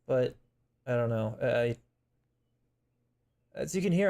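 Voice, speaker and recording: A man's voice: medium pitch, lively intonation, slow, gravelly, mellow. Young man, vlog confession, shaky and tearful, stumbling restarts, swearing, apologetic. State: emotional, tearing up. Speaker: vlogger.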